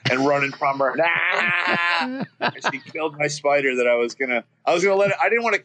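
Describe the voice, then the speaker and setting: A man's voice: on the high side, lively intonation, racing, very noisy. A man from Florida telling a childhood story as a guest, rambling and swearing, with many restarts. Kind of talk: casual storytelling.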